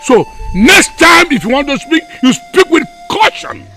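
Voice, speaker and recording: A man with a Nigerian accent playing a hot-tempered, boastful village chief who shouts insults and slips into Igbo. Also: very high voice, very animated, a little slow, faint music behind, exaggerated voice. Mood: scornful. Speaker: chief in council.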